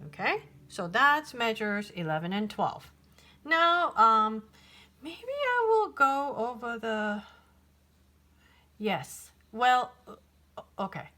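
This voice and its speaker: A woman's voice: a little high, big pitch swings, takes it slowly, long pauses, pushed and bright. A woman teaching piano, patiently counting beats and singing rhythms, with many ums and restarts. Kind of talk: piano tutorial. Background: piano playing.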